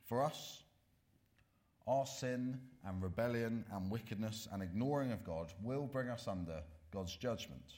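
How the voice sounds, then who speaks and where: A man preaching a sermon, moving from bright questions to slow, hushed warnings. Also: on the low side. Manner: dramatic swings from loud to hushed, slow emphatic warnings.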